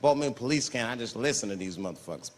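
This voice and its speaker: Animated male stand-up comic in a hall. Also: very fast. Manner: animated, jumps into shouted high voices for characters. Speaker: stand-up comedian. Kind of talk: stand-up comedy routine. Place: large theater stage with audience. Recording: live hall recording, audience noise.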